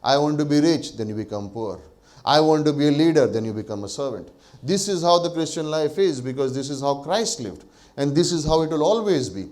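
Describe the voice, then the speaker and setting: Pastor asking and answering questions. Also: male voice, a little high, expressive, fairly quick, darkish tone. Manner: asks the congregation rhetorical questions and answers them; laughs lightly between points. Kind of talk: sermon. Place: church.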